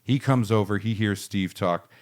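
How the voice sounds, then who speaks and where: A man's voice: lowish voice, moderate pace. A young man casually telling a long story on a studio podcast, rambling with fillers and swearing freely. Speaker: podcast co-host. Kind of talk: casual chat.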